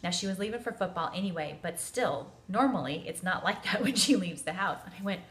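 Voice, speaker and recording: A woman in her forties telling a family story in a chatty, animated way, acting out the quotes. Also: fairly low pitch, a little fast, few pauses, a little hiss or hum. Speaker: parenting vlogger. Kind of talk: casual storytelling to camera.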